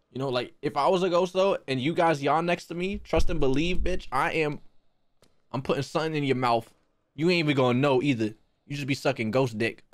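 A fairly high-voiced young man talks a little fast while streaming a horror game, with no room sound in the recording. He cracks dirty jokes and swears at his chat, muttering nervously to himself along the way.

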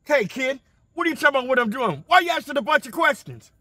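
A man's voice: very high-pitched, sing-song, quick pace, heavily acted. An actor playing a brash, bossy male cop who barks orders. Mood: pushy. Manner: barking orders, shouting.

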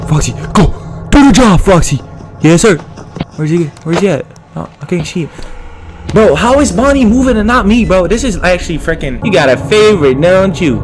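A young man doing let's-play commentary, excitable and slangy, yelling orders and trash-talking game characters. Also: high-pitched. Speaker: gaming streamer.

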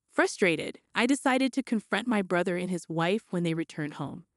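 A woman giving expressive first-person scripted story narration, her pitch jumping up on questions. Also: normal speed, dry recording, clean studio sound.

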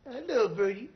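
A man's voice: very high-pitched, muffled recording, exaggerated voice. A man talking in a streetwise, confrontational way, getting into a quarrel.

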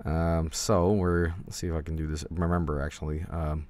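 With an extremely low, darkish voice that barely moves in pitch, a man talks at a moderate pace while streaming a game. His casual commentary rambles through tasks and stories, laced with swearing, and he's easily startled.

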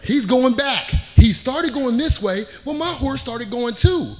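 A middle-aged man telling a funny personal story on stage, acting out the scenes and getting louder as the story turns to panic. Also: extremely high pitch, a little slow. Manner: animated, acts out scenes, voice rises when panicked. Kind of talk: live comedic storytelling.

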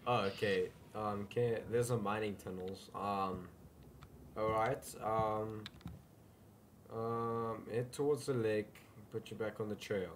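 A young gaming YouTuber gives casual let's-play commentary on a horror game, jumpy and easily startled, shouting when scared and calling people "dude" a lot. His voice is fairly low with a steady tone and a slow pace. A little hiss or hum can be heard.

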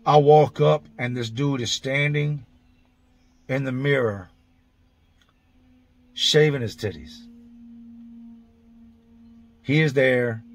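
A man telling a story from his past in a casual monologue, blunt, profane and full of street slang, describing events step by step. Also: medium pitch. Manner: vivid, blow-by-blow retelling. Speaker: vlogger recounting prison experiences.

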